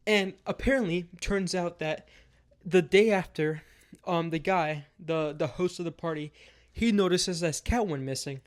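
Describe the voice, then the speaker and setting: A man's voice: a little high, moderate pace. A young man telling a casual, rambling story time with lots of filler words and swearing.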